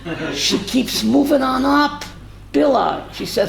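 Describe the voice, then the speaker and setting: Very high and very animated, this creaky male voice moves at a measured pace. He's a rabbi in a Torah class, calling on listeners by name and telling moving stories peppered with Hebrew and Yiddish words.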